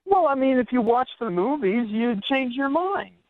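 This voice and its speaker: A man calling in to a radio show, talking in an incredulous, excitable, rambling way with many fillers. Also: very high voice, moderate pace, over a noisy crowd. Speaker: caller. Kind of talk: phone-in radio chat. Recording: dull lo-fi phone line.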